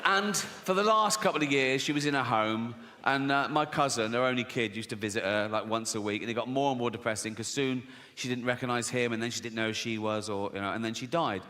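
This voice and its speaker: A man's voice: mid-range voice, brisk, hardly any pauses, pushed and bright. A man doing stand-up comedy, telling brash stories, swearing freely and laughing at his own jokes. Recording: long hall reverb, faint noise.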